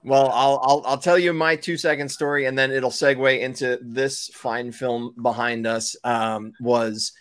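A man's voice: mid-range voice, fairly even intonation, a little slow, few pauses, fairly bright tone, clean tone. Rambling male storyteller from New York. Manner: rambling, many fillers and self-corrections. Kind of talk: casual storytelling chat.

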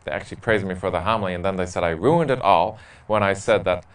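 With a deep, clear, resonant voice, this priest talks fast while answering a parish group's questions in a casual session. Recorded from afar, he comes across as a frank, joking storyteller amused by his own tales.

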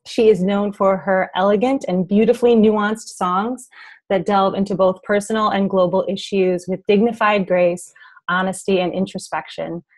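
A woman hosting a songwriting podcast, reading a guest introduction in a measured way before the interview. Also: mid-range voice, fairly even intonation, a little mellow. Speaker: podcast host.

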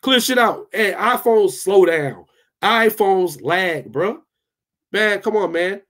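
A man's voice: high voice, animated, slow pace, a bit bright. A young man hosting a tech channel, ranting heatedly and casually while reading his live chat. He repeats himself a lot and swears freely. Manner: fired up, repetitive, swears freely.

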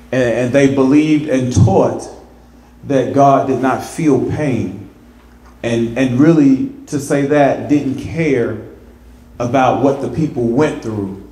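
A pastor preaching a sermon in a church, animated, repeating words and building to emphatic, rising peaks. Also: male voice, mid-range voice. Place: church sanctuary. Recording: echoey church sanctuary.

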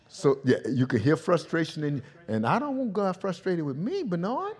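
A male pastor preaching a sermon in a vernacular style, swinging from hushed, intimate passages to loud shouting. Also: on the high side, very animated, moderate pace, few pauses, slightly rough.

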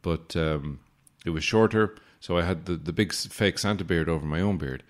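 Speaking at a normal speed in a low voice, this man in his late twenties or thirties hosts a podcast. His casual storytelling monologue is full of dry, sarcastic anecdotes and mock-formal asides.

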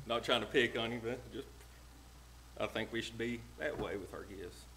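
A man preaching a plain-spoken, homespun sermon in a church, slowing down to read old-style scripture verses. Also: on the low side, background noise. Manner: plain-spoken and homespun, reads King James verses slowly. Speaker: lay preacher. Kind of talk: folksy sermon with scripture reading. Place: church sanctuary.

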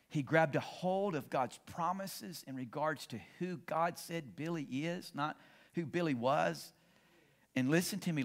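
A middle-aged male pastor preaching a sermon and telling stories, swinging between excited and hushed delivery. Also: fairly high pitch.

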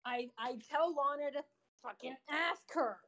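High-voiced, impatient woman player. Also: measured pace, gravelly, fairly bright tone. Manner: blunt, impatient, swears. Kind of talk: casual tabletop gameplay chat.

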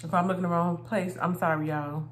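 Woman talking while she eats, lots of laughing, low-ish voice, echoey room, phone mic. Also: fairly even intonation, fairly quick, a little hiss or hum. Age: adult, married. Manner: chatty, laughs often, talks while eating. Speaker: vlogger. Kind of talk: casual mukbang chat.

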